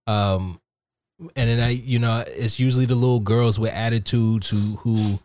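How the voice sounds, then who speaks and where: A man's voice: mid-range voice, fairly even intonation, normal speed, a little mellow. A man co-hosting a casual podcast, telling loose, profane, joking stories about his kids. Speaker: podcast co-host, father.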